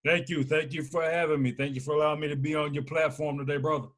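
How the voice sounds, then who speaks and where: Playful man from alabama chatting as a podcast guest, voice sits a bit high. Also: quick pace. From Huntsville, Alabama. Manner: lively, playful storytelling. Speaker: guest, business owner. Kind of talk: casual conversational interview.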